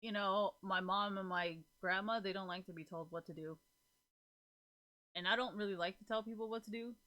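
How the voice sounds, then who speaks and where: Casual streamer woman, bright tone, giggly, swears a lot. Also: mid-range voice, fairly even intonation, moderate pace. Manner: laughs often, swears freely, rambling. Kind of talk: casual chat.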